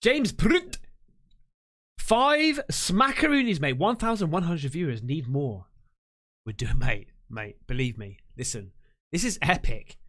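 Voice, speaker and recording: Lively, excitable male stream host. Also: a little high, measured pace. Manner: excitable, slangy, thanks viewers effusively. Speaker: livestream host. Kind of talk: casual live-stream chat.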